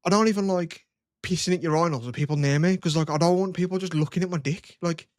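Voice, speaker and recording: A man's voice: on the high side, quick pace, no room sound, clean studio sound. A young man hosting a podcast, telling crude rambling stories in casual chat. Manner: rambling storytelling, swears a lot. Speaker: podcast host.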